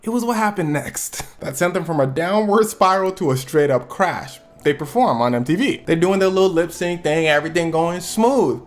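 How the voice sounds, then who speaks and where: A man retelling a story with comic timing and casual slang. His pitch swings widely and expressively. Faint music plays underneath. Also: normal speed, hardly any pauses. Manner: casual slangy, animated, with playful asides. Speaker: storyteller and channel host. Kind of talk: comedic storytelling narration.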